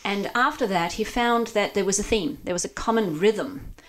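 A woman's voice: mid-range voice, normal speed. A woman with a Danish accent, a mindfulness coach talking reflectively in a casual interview. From Denmark.

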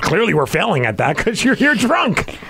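Wry podcast host, gravelly voice swinging way up and down, hiss behind. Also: medium pitch, sing-song, moderate pace, bright, forceful tone. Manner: wry, reactive comments. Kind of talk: casual chat.

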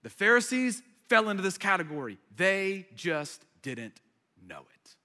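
A man preaching a sermon as pastor, conversational and animated, with repeated asides before a live audience. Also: high-pitched, a little slow. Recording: long hall reverb.

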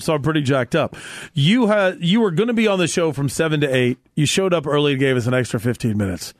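A man's voice: fairly high pitch, expressive, fast, dry recording, studio quality. A man hosting a sports radio show, talking in an upbeat, casual way and laughing easily with his guest. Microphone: studio mic.

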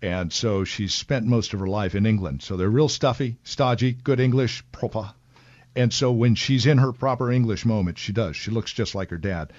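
A man's voice: lowish voice, moderate pace, few pauses, darkish tone. A man hosting a Christian radio talk show, chatty and folksy, who laughs easily. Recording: lo-fi radio broadcast.

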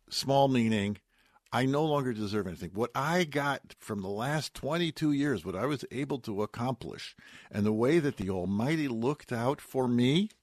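A man's voice: medium pitch, dry recording, studio quality. A man giving a sermon on the weekly Bible portion, telling it as a story with folksy asides and Hebrew words mixed in. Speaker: rabbi giving a weekly Torah talk.

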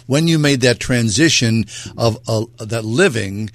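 Male co-host, mid pitch, asks thoughtful follow-ups, dry studio sound. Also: expressive, a little slow, dry recording. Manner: affirming, reflective questions. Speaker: radio co-host. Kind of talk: casual radio talk.

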